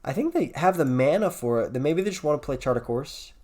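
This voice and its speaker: A man's voice: on the high side, lively intonation, fast, a little mellow. A man giving casual commentary over his own card game, rambling and thinking aloud with fillers, yawning and a bit tired. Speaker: gameplay commentator.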